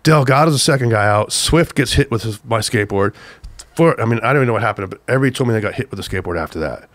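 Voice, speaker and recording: An older man from Southern California, a guest telling an excited, profane story, acting out the shouts of the people in it. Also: on the low side, very fast, no echo. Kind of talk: animated storytelling on a podcast.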